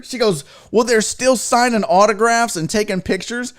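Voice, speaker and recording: A man hosting a sports talk show, telling a story in a casual, profane, animated way and acting out what others said. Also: sits high, normal speed. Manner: animated, profane, acts out quotes. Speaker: podcast host.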